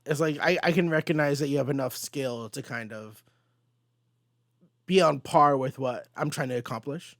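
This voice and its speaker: A man's voice: medium pitch, moderate pace, no echo. Man recapping comics in a dry room. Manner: animated recapping, quoting characters in passing. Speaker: host. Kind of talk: casual comic book discussion.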